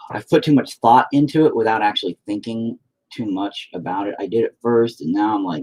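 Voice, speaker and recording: A man's voice: fairly low pitch, moderate pace, a little mellow. A man rambling to himself while painting, profane and self-deprecating. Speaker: painter talking to camera. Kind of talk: rambling casual monologue.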